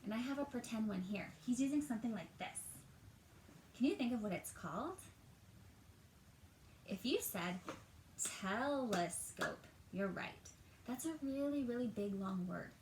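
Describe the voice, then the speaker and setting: A woman teacher reads a picture book aloud to young children at home, animated, stretching out words and asking them questions during storytime. Her voice is fairly high, and the audio is poor, with an echoey room and slight background noise.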